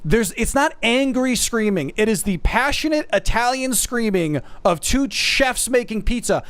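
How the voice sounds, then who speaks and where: A male streamer in easy, self-deprecating chat with his audience, his fairly high voice bouncing all over. The sound is dry and close, with no room in it. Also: a little slow, no room sound. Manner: animated, self-deprecating, addresses chat as folks. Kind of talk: casual chat.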